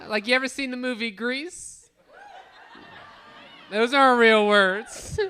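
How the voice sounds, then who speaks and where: High, bright, crisp-voiced male stand-up comic in his thirties, profane storyteller working the crowd. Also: fairly even intonation, slow pace. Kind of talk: live stand-up comedy. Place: comedy club stage.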